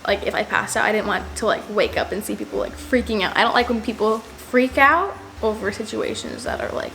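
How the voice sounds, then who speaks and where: A woman's voice: mid-range voice, a little fast, gravelly, a bit bright, a little hiss or hum. A young woman telling a personal story to the camera in a casual, rambling way, full of "like". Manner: rambling, heavy use of "like". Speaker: vlogger.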